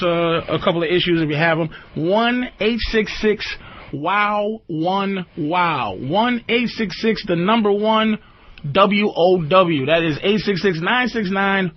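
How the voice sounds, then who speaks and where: A man hosting a radio call-in show, ranting in a profane, rambling way and laughing often. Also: high voice. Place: radio studio. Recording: dull lo-fi radio recording with faint hiss.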